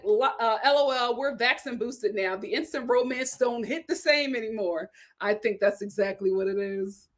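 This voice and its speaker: A young adult woman hosting a casual livestream, reading viewer comments aloud in a chatty, animated way and laughing often. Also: a little high, normal speed. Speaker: YouTube show host reading super chats.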